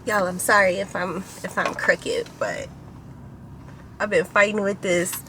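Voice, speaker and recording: A woman's voice: mid-range voice, steady tone, unhurried, noisy background. A woman vlogging casually to a camera on a tripod, chatty and laughing often as she tells stories.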